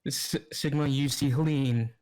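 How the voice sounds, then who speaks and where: Male game master, halting narration with fillers, on a voice call. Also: medium pitch, steady tone, a little mellow, clear, resonant tone. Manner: halting, many fillers, laughs often.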